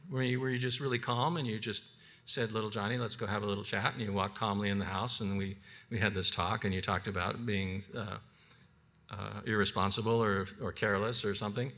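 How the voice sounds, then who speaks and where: Bright-toned man teaching biblical counseling. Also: lowish voice, fairly even intonation. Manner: conversational, acts out counseling dialogues; halting restarts and repeated words. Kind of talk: unscripted teaching session.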